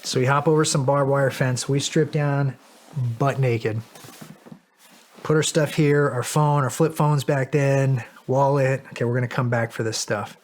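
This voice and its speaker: Middle-aged male guest, casual storyteller, mid-pitched voice, cursing and laughing at himself. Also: measured pace. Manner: animated, profane, laughs at himself. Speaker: podcast guest.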